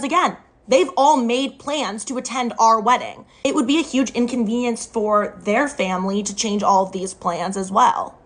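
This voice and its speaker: A woman's voice: mid-range voice, fairly bright tone. Sarcastic exasperated young woman. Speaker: storyteller. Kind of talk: casual storytime.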